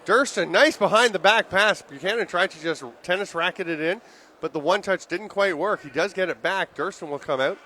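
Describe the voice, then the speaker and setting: A man calling live lacrosse play-by-play in rapid, excitable bursts that rise on goals, his voice worn and giving out. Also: high-pitched, slight background noise. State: voice giving out, throat clearing. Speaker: play-by-play commentator.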